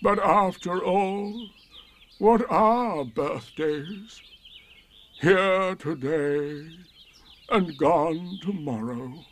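Here is a mournful old donkey, put on by a male storyteller. He drags each word out slowly and sighs his way through every sentence. The voice sits higher than a plain man's reading voice, and it sounds set back in the room. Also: full character voice. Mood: gloomy. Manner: drawn-out, slow, sighing speech.

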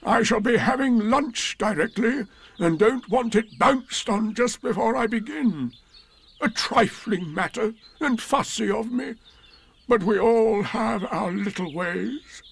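Here is a mournful old donkey, put on by a male storyteller. He drags each word out slowly and sighs his way through every sentence. The voice sits higher than a plain man's reading voice, and it sounds set back in the room. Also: lively intonation, gravelly, breathy edge, full character voice. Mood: gloomy. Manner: drawn-out, slow, sighing speech.

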